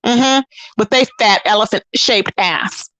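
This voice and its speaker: A woman's voice: mid-range voice, measured pace, a bit bright, no echo. A woman hosting a livestream, ranting with profane, scornful trash talk and sassy asides to her viewers. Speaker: livestream host.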